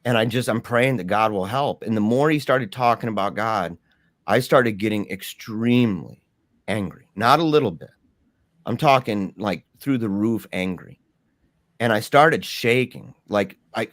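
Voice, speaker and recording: This interview guest speaks on the low side and unhurried, captured in a dry, studio-quality recording. He retells a personal ordeal casually but earnestly, full of slang like "bro" and "man" and plenty of emphasis.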